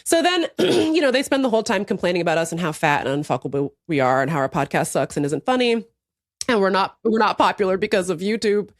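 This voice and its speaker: A woman's voice: lowish voice, sing-song, quick pace, no echo, studio quality. A woman co-hosting a podcast, telling a story in casual chat with swearing and frequent laughter. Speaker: podcast co-host.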